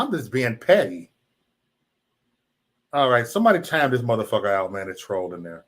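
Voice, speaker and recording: A man hosting a live stream, venting at trolls in chat with heavy cursing. His pitch swings up and down a lot as he mocks and scolds. He talks loosely, as if to regulars. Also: a little slow, long pauses. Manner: profane, animated, mocking chat trolls. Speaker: livestream host.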